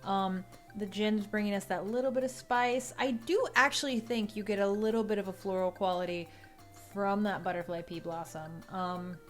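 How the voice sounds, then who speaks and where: A woman's voice: mid-range voice, normal speed, soft background music. A woman hosting a cosplay and cocktail video, talking casually with a loose, chatty manner and plenty of fillers.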